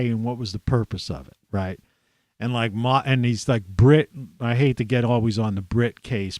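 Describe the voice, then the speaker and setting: A middle-aged man rants in a loose, rambling monologue, swearing freely and breaking off mid-sentence to restart. His voice sits at an ordinary pitch, close to the mic in a dry room with no echo. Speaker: video blogger. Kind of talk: profane ranting monologue.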